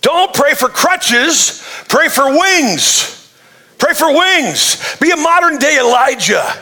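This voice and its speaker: A man's voice: extremely high pitch, sing-song, takes it slowly, bright, forceful tone. A man preaching a sermon, playful and joking, acting out prayers in the voice of the people praying them. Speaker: pastor.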